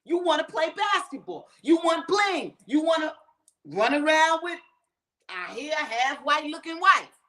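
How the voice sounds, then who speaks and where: A woman's voice: high voice, big pitch swings, a little slow, pushed and bright. A woman from the United States hosting her own show, ranting in a profane, fired-up commentary straight to her viewers. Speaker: show host.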